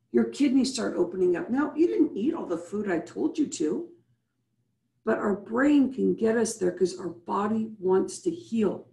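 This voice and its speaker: A woman's voice: on the high side, gravelly, warm tone, reverberant. A woman hosting a live video-call show as a business coach, leading listeners through breathing and asking repeated rhetorical questions. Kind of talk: motivational show wrap-up with guided breathing.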